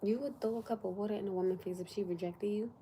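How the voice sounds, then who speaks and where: Chatty woman with a mellow voice. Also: mid-range voice, fast talker, a little hiss or hum. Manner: animated, drops to whispers for emphasis. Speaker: livestream host. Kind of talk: casual livestream chat.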